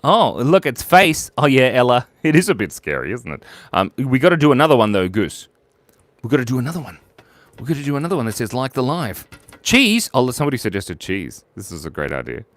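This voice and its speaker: A man's voice: huge pitch swings, fairly quick, no room sound. A man streaming live as he draws viewers' requests, playful and giggly, reading chat messages aloud. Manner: swoops from squeaky highs to low mumbles.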